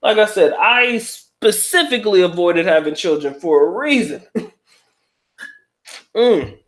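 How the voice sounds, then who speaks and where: A man's voice: high voice, animated, a little slow, a bit bright. A middle-aged man hosting a casual livestream, reading viewer comments aloud in a blunt, profane, slangy way with frequent laughs.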